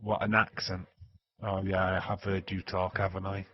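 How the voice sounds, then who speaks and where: A man's voice: low-pitched, monotone, normal speed, lo-fi sound. A man with a Yorkshire accent hosting a casual, joking livestream and chatting to viewers with plenty of swearing. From Yorkshire, England. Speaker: wrestling stream host.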